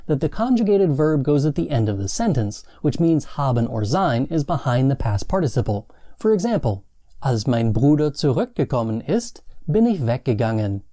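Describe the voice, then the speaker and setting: Man, language teacher, scripted lesson, animated intonation, slow careful examples. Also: on the high side. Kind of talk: scripted grammar lesson narration.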